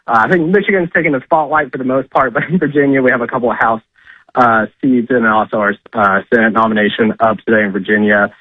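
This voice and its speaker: A man's voice: medium pitch, steady tone, fast, dry recording. A man calling in as a political correspondent, talking conversationally with many fillers. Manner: conversational, frequent "uh" and "I mean". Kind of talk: call-in political commentary. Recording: tinny phone line.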